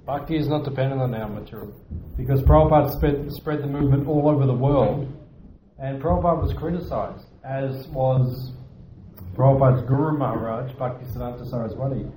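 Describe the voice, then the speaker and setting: In an echoey temple hall, a man with a mid-range voice gives a brisk devotional lecture against a noisy background. He's earnest and self-deprecating, repeating points for emphasis.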